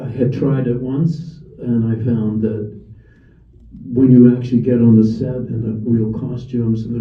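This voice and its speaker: An older film director with a Toronto accent, giving measured, wry interview answers with frequent restarts. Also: male voice, medium pitch, roomy sound, far from the mic, phone-quality sound.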